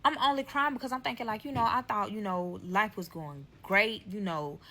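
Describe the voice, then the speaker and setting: A woman's voice: medium pitch, moderate pace, sharp tone. A young woman telling a story time vlog, profane and emphatic, acting out quotes. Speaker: storyteller in a clip.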